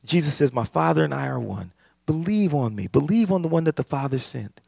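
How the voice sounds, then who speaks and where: A man preaching a sermon, impassioned and building to shouts. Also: fairly high pitch, animated, brisk, creaky, breathy edge, no room sound, clean studio sound. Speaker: pastor.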